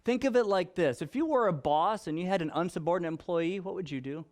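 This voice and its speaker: Male pastor, high voice, sermon, rhetorical questions, joking asides, acts out quotes. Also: fast talker.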